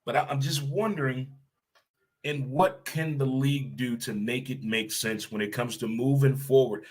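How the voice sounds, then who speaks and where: Male podcast host, solo rant, mid-pitched, blunt and emphatic, repeats lines for effect. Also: normal speed. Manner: blunt, occasional swearing.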